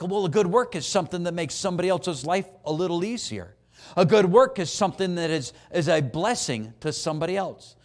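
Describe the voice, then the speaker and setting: A middle-aged man preaching a sermon, animated, acting out voices and having the congregation repeat phrases after him. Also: fairly high pitch.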